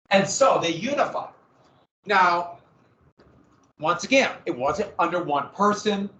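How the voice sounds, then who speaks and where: A man's voice: high voice, expressive, takes it slowly, long pauses, bright, forceful tone, recorded from a distance, slight background noise. A man teaching a history class in a casual lecture, with joking asides and dramatic emphasis. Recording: echoey, muffled classroom recording from afar.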